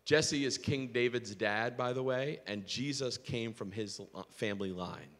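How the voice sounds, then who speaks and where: A male pastor preaching a sermon, telling stories in an animated way with self-mocking humor. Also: mid-range voice, unhurried, in a large hall. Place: church sanctuary.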